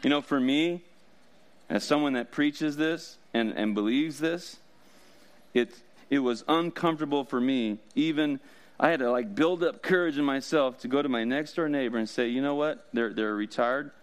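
A man's voice: mid-range voice, normal speed, clean tone. A man preaching a sermon as pastor, in a casual, joking way with frequent laughs.

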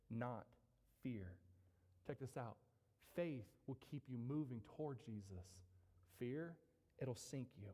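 A man's voice: sits high, mellow. A male pastor preaching a sermon, emphatic and repetitive, calling out to the congregation again and again. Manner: emphatic, repeats key questions, calls out to the congregation. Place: church sanctuary. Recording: long reverb of a church hall.

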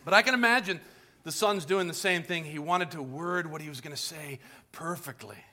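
A middle-aged man preaching a sermon in a church, telling stories and swinging from hushed asides to loud, animated lines. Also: a little high, normal speed. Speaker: pastor. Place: church sanctuary.

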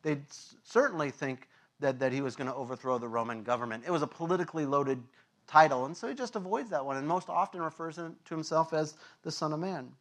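A male pastor preaching a sermon, telling an animated story that acts out voices and sound effects, with many fillers and laughs. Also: on the high side, fast talker.

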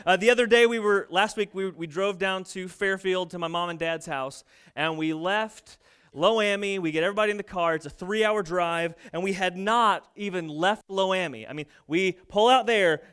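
A man's voice: high voice, normal speed, a bit bright, clean tone. A man in his thirties preaching a sermon, telling family stories and acting out the voices of his kids and parents. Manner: storytelling, acts out quoted family voices. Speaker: pastor.

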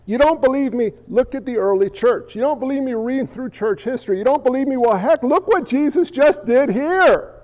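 A male pastor preaching an animated sermon, acting out the voices he quotes. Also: very high-pitched, moderate pace, few pauses. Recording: echoey hall, dull lo-fi sound.

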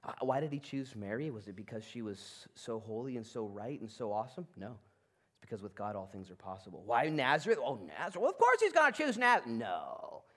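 A male pastor preaching a sermon in a church, conversational and animated, swinging between loud and hushed. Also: lowish voice, fairly quick. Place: church sanctuary.

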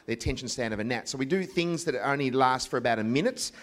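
A man's voice: medium pitch, animated, fast, a bit bright. A man with an Australian accent, a ministry head giving a live talk full of funny anecdotes. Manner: jokey, self-deprecating storyteller. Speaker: ministry CEO and speaker.

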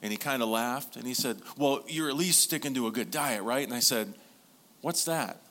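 Male pastor, mid-pitched, animated storyteller, asks the room for amens. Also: fairly quick. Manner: lively storytelling with congregation call-and-response. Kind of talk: sermon.

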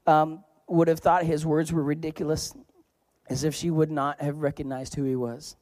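A man with a fairly high voice preaches a sermon in a loose, conversational style. He tells stories with humor and hits certain words with sudden loud emphasis. The sound is close and dry. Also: no room sound. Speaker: pastor. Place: church.

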